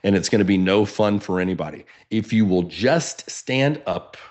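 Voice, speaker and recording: A man with a Texan accent and a baritone voice, coaching realtors in a lively, casual webinar while standing and moving around. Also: normal speed. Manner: energetic, animated, casual. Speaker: real estate coach. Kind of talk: webinar teaching.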